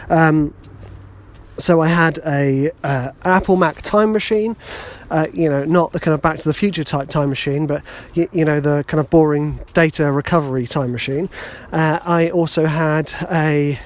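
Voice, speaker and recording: A man hosting a podcast, telling a story in a rambling, chatty, self-deprecating way. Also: on the high side. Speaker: podcast host. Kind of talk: casual podcast monologue.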